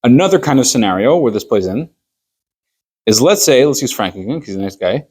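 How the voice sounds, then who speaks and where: A man's voice: medium pitch, animated, brisk, a little mellow, slightly rough. Conversational male rabbi teaching. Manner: conversational, walks through hypothetical stories with fillers; acts out little scenes with quoted dialogue. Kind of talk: informal Jewish law class.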